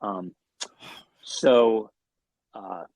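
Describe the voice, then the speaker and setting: A man's voice: fairly low pitch, drawn-out words, darkish tone, no room sound, poor audio. A man telling a long, rambling story in a casual interview, swearing and restarting often. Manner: rambling, profane, frequent fillers and restarts. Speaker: guest musician.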